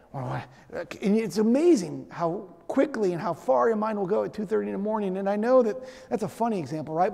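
A man's voice: high-pitched, creaky, a little mellow. A middle-aged male pastor preaching a sermon in a conversational, storytelling way. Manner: conversational storytelling with acted asides. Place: church sanctuary. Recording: long hall reverb.

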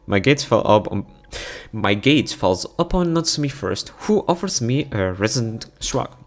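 A man reading a visual novel aloud as its narrator, in a brisk first-person voice that sometimes breaks off at his own slips. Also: mid-range voice, sing-song.

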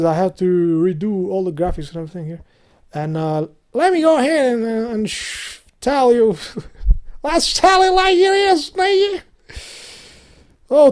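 A man ranting casually to his viewers in a vlog, cursing a lot, laughing often, and swinging between loud outbursts and low muttering. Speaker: video blogger. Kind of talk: casual rambling vlog rant.

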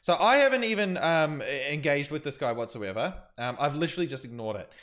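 A man's voice: fairly high pitch, lively intonation, fairly quick, fairly bright tone. A young man, a streamer recapping an incident to camera in a rambling way full of fillers. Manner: rambling, filler-heavy storytelling.

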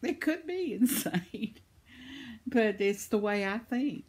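An older woman rambles through a personal story for her vlog, breaking into laughter often. Her voice is a little husky and swoops lively up and down as she chats. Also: medium pitch, slow. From United States. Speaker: vlogger. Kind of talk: casual storytelling.

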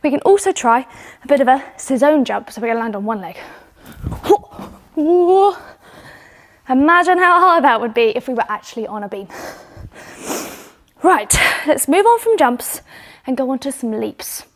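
Upbeat high-voiced woman coaching kids. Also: very animated, brisk, a bit bright. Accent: British. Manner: encouraging, upbeat, breathy while exercising. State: out of breath. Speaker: children's gymnastics coach. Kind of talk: demonstrating exercises to children. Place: home indoors.

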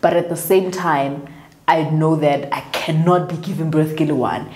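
A South African woman with a low, deep-set voice tells her story casually and with lively energy, slipping into the voices of the people she quotes. The room around her is noticeably echoey. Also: normal speed, slight background noise. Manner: animated, chatty, acts out others' lines. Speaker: vlogger.

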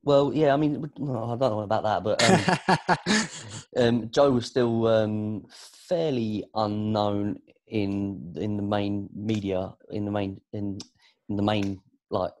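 This is a British man talking as a guest on a relaxed interview podcast. His voice sits a little low, and he tells his stories in a lively, rambling way, full of fillers and restarts. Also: takes it slowly. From Britain. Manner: chatty, animated storytelling with frequent fillers. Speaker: podcast guest, sports producer and presenter. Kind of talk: casual conversational interview.

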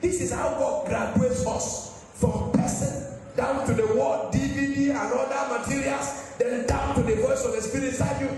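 Preaching with emphasis, this man uses call-and-response and lets his voice swing upward in sing-song rises. His voice is very high, his pace moderate, and the recording comes from far away in an echoey hall with faint music behind him.

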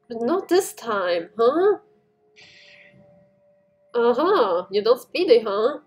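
A woman giving casual gameplay commentary to her viewers in non-native English phrasing, shouting at jumps. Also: fairly high pitch, slow, long pauses. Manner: excitable, talks to the viewers while playing, shouts at jumps. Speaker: gaming YouTuber.

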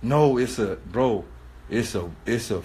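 Animated, lively-pitched man telling a story. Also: a little slow. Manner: animated, laughing, keeps asking "right?"; streetwise slang. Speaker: host. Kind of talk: casual storytelling monologue.

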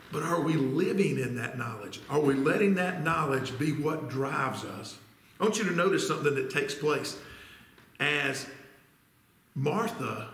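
A man preaching an earnest, deliberate sermon as pastor, asking rhetorical questions. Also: fairly high pitch, fairly bright tone, reverberant. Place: church sanctuary.

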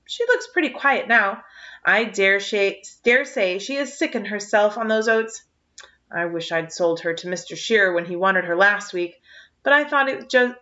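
A woman's voice: medium pitch, moderate pace, sharp tone, natural voice. An earnest, eager teenage girl, as a woman reading a storybook puts her on, her voice sitting a touch above the middle. The recording is muffled and lo-fi. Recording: dull lo-fi recording.

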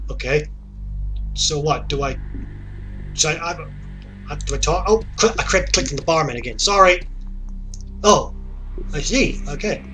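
A man's voice: a little high, animated, a little slow, long pauses, sharp tone, faint music behind. A young man chatting casually and rambling as he plays a game. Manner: chatty, rambling, self-interrupting. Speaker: gamer. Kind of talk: casual gameplay commentary.

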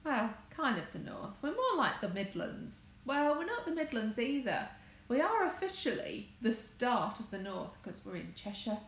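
A chatty woman from England talks to her livestream viewers, drifting from topic to topic and correcting herself mid-sentence. Her voice sits fairly high and swoops around animatedly. It is recorded in an echoey room with faint noise behind. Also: very animated, normal speed, few pauses. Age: adult, married. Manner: chatty, wandering, self-correcting. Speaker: crafts vlogger. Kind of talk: rambling casual livestream chat. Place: home conservatory.

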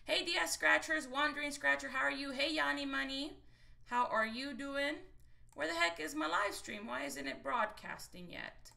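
A woman's voice: sits high, moderate pace, vocal fry, pushed and bright. A woman from Texas hosting a casual live stream from her phone at a table, upbeat and greeting viewers by name one after another. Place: at a table indoors.

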